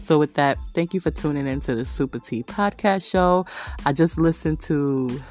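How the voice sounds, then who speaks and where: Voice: mid-range voice, normal speed, darkish tone, faint music behind. Profane, laughing podcast host. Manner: profane, rambling storytelling; laughs often while telling stories. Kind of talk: casual monologue.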